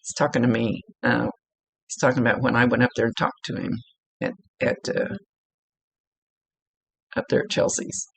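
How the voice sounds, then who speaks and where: A woman working as a psychic medium, giving a casual, chatty reading, blunt and quick to laugh, with the odd swear. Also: very deep voice, steady tone, creaky, slightly rough, no room sound. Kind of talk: casual spoken reading for a client. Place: indoors at a table.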